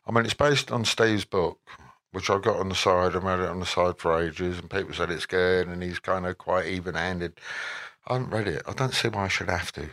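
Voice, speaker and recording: A man's voice: low-pitched, steady tone, fairly quick, a bit bright. Rambling older man answering questions. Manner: rambling, self-correcting, wry. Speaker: musician guest at a Q&A. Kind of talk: relaxed conversational Q&A answers.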